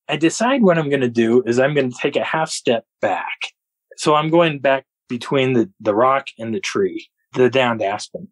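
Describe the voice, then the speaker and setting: A man guest on a podcast, telling a story in an animated way and laughing often. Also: medium pitch, moderate pace, slightly rough, no echo, low-quality recording. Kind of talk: storytelling an encounter.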